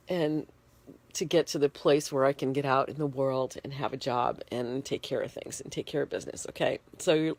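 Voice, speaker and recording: Woman with a low congested voice, shivering, dry close phone sound, video diary from bed. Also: no echo. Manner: plain, unhurried, explaining in detail. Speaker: vlogger. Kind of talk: casual personal video diary. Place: bedroom, in bed. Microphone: phone held in hand.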